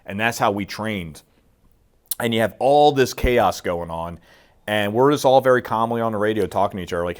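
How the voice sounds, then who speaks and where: In a casual interview, a middle-aged military veteran appearing as a guest recounts a war story at a moderate pace in a somewhat low voice. He acts out what the people in it said and swears freely as he goes.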